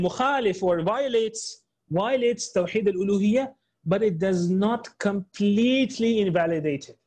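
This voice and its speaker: High-voiced man teaching in repeated steps. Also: darkish tone. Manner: explains step by step, repeats himself, often restarts sentences; reads Arabic quotations quickly, then translates into English. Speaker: teacher of an Islamic studies course. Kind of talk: online class lecture.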